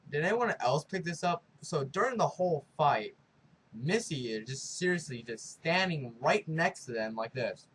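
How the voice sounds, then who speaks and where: A man giving a casual, rambling review of a TV episode, talking excitedly with lots of fillers and dropping into quick character impressions. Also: on the high side, a little hiss or hum. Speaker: video reviewer.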